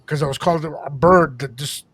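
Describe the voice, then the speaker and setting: A man co-hosting a casual radio show from the studio. He talks quickly, switches between English and Spanish, and tells his stories with animation. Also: on the high side, breathy edge, dry recording. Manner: animated storyteller. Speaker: radio co-host.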